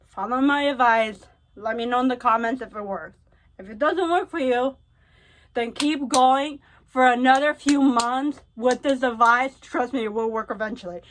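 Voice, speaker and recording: A woman's voice: on the high side, moderate pace, a bit bright, a little hiss or hum. A young woman vlogger sharing a personal story and earnest advice in a confiding, repetitive way. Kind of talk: heartfelt storytime advice vlog.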